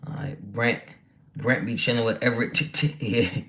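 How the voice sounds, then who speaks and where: His voice sits at a medium pitch with a fairly bright tone, and he keeps a moderate pace. As host of a laid-back football livestream, he reads chat out loud and responds in a brash, heavily profane way.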